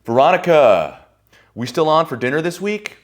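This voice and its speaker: A man's voice: a little high, sing-song, moderate pace, pitched above the performer's own voice. A man voicing a smarmy young man who hides behind self-help talk, in a sweet, ingratiating tone.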